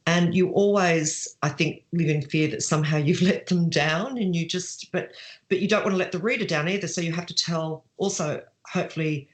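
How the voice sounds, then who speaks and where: A woman's voice: fairly low pitch, moderate pace. A middle-aged woman author answering interview questions in a chatty way, with fillers and restarts. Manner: chatty, with fillers and restarts, laughs while telling stories.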